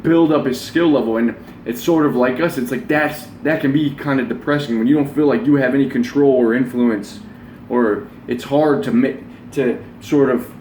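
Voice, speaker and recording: A man's voice: mid-range voice, slight background noise. A man in his twenties giving a blunt, rambling motivational talk and swearing freely. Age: 20s. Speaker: self-help vlogger. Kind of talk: casual motivational monologue. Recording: roomy echo, voice from the mic.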